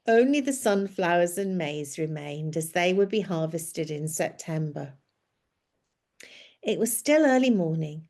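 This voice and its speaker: Slow-reading woman storyteller. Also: medium pitch. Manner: slow, gentle, descriptive reading. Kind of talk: scripted story narration.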